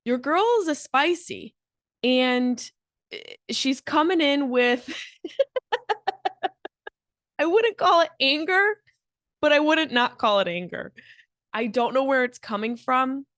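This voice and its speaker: A woman's voice: sits high, a little slow, fairly bright tone, no echo, studio quality. A woman comedian hosting her own podcast, talking in a brash, profane, fired-up comic monologue.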